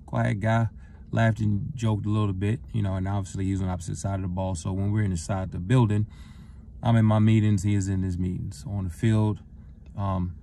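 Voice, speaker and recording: A middle-aged man, a retired football player, telling a personal story in a loose, rambling way that gets lively as he relives it. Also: fairly low pitch, brisk, vocal fry, slight background noise. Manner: relaxed, rambling with fillers, gets animated retelling the encounter. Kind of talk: casual storytelling monologue.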